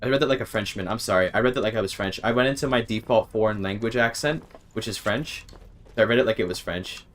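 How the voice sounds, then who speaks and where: A man's voice: on the low side, fast, fairly bright tone. A man streaming a game, rambling and thinking aloud, often interrupting himself and swearing casually. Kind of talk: casual gaming stream chat.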